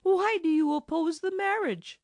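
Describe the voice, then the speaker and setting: A woman voicing a young fairy queen who pleads gently in a raised, light voice. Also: very high-pitched, normal speed, dry recording, pitched above the performer's own voice. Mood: pleading.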